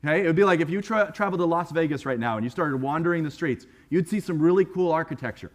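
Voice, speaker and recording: A man preaching in a church, talking in a relaxed and lively way and slipping into acted-out voices. His voice sits a little high for a man. He often repeats a word before he gets a phrase going. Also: fast talker. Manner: conversational, animated preaching with acted-out quotes; repeats words when starting phrases. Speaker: pastor. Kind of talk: sermon. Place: church sanctuary.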